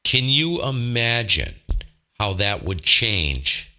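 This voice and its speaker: A man's voice: fairly low pitch, very animated, slow pace, pushed and bright. A man hosting a casual ham radio live stream at his desk mic, rambling and self-deprecating as he asks rhetorical questions. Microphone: desk microphone.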